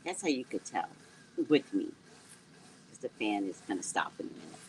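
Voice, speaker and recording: A woman's voice: very deep voice, moderate pace, a little hiss or hum, low-quality recording. A woman hosting a casual livestream, joking and reacting to her chat from home without a proper mic. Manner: animated, jokey, talks to viewers and chat. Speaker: psychic livestream host. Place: home indoors. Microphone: no external mic.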